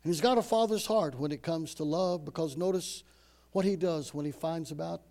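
A man preaching a sermon dramatically, rising to loud emphasis and dropping to hushed, low phrases. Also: normal speed.

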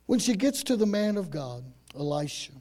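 A man preaching a sermon, retelling a story with dramatic swings from loud to hushed and frequent repeated words. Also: high-pitched, sing-song, moderate pace.

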